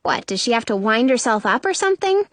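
A woman narrating a children's story in the first person, chatty and expressive. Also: on the high side, quick pace, no echo. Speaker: audiobook narrator.

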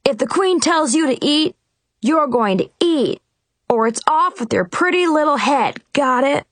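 A woman voicing a gruff, bossy male knight guard in a storybook reading, barking orders. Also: high voice, lively intonation, unhurried, no room sound, pitched above the performer's own voice.

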